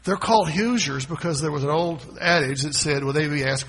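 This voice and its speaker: A man preaching a sermon as pastor, swinging from quiet asides to loud, emphatic proclamations. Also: a little high, expressive, moderate pace, slightly rough. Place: church sanctuary. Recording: long hall reverb.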